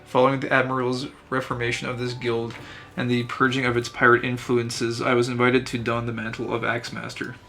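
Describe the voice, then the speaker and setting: Brief: man voicing a grim veteran axe master, formal and grand, bright tone, flat contour. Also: mid-range voice, brisk, gravelly. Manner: grandiose, formal read-aloud delivery. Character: stern battle-scarred male axe guild master.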